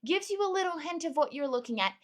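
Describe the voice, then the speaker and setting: A woman's voice: high voice, lively intonation, fast talker. A young woman hosting a solo podcast, ranting in an opinionated, exasperated way while she is losing her voice. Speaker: podcast host.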